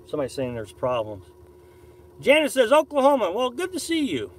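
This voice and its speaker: A man's voice: very high voice, wildly swooping pitch, fairly quick, a little hiss or hum, rough recording. A man from Missouri hosting a casual live stream from his camper, rambling and opinionated as he reads viewer comments. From Missouri, USA. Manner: rambling, repeats and restarts, opinionated. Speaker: live-stream host reading viewer chat. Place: camper on a beach campsite.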